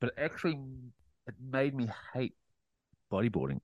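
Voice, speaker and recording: A middle-aged man with a New Zealand accent, a podcast guest telling casual stories, swearing freely and animated. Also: mid-range voice, moderate pace, dry recording, lo-fi sound. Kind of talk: casual storytelling.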